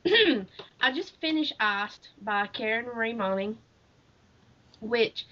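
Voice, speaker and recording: A woman's voice: fairly high pitch, a bit bright. A woman co-hosting a book podcast, animatedly retelling a story and laughing often. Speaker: podcast co-host. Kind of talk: casual book chat. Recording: dull lo-fi audio.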